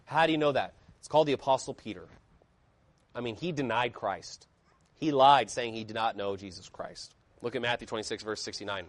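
A man's voice: mid-range voice, a little fast, no room sound. A man preaching a sermon with emphatic, rising and falling intensity, reading scripture aloud in old-style wording.

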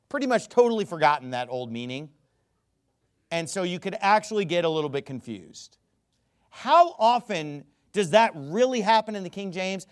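A man giving a ranting commentary, emphatic and sarcastic, who often stammers and restarts his sentences. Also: sits high. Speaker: religious commentator.

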